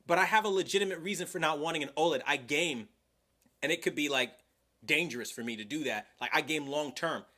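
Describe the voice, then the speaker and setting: A man's voice: fairly high pitch, lively intonation, quick pace, pushed and bright. Heated, rambling young man. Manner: heated, profane, rambling with many "like"s. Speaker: livestream host. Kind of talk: casual livestream chat.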